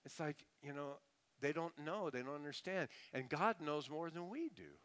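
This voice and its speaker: A middle-aged male pastor preaching a sermon, swinging between loud emphasis and hushed asides. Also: on the high side, lively intonation, normal speed, clear, resonant tone.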